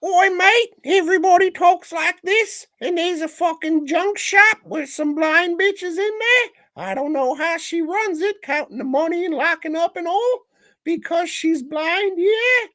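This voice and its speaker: Brief: a mock-Cockney bloke, squeaky and brash, put-on accent. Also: male voice, unhurried, sharp tone, exaggerated voice. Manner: crude, gabbling caricature.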